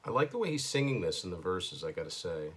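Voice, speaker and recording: A man's voice: deep voice, very animated, fast, slightly rough. A man hosting his own show, casually thinking aloud through a first listen of an album, hesitant and with dry asides, at home indoors. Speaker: host.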